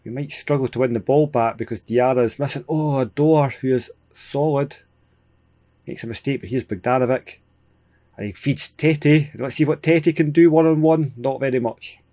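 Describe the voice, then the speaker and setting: A Scottish man hosting a gaming video, giving casual, excitable play-by-play with frequent chuckles. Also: mid-range voice, moderate pace. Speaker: gaming channel host. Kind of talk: casual let's-play commentary.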